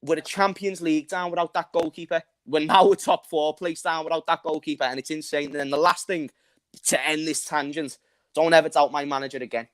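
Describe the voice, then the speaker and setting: A hoarse young man, ranting passionately as he co-hosts a football fan reaction chat. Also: on the high side, flat delivery, fairly quick, no echo. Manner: passionate, ranting, bursts into laughing shouts. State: hoarse from shouting. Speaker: fan channel co-host.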